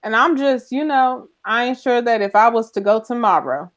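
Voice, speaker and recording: A woman's voice: fairly high pitch, animated, moderate pace. A woman co-hosting a live talk show, joking bluntly and teasing her co-host with mock exasperation. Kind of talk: casual comedic banter.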